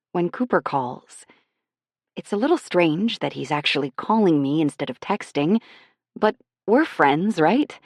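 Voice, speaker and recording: Woman narrator, low voice, playful and self-mocking, first-person audiobook reading. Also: dry recording, clean studio sound.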